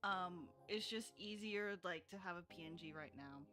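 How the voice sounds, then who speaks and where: A woman VTuber chatting casually on a live stream, rambling and filling pauses with frequent ums. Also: fairly low pitch, sharp tone.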